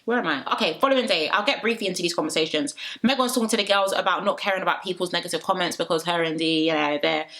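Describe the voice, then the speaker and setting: A woman's voice: fairly low pitch, racing, hardly any pauses, a bit bright. A young woman giving a chatty, opinionated reality TV recap vlog, laughing often and addressing viewers directly. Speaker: reality TV reviewer. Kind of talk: casual commentary vlog.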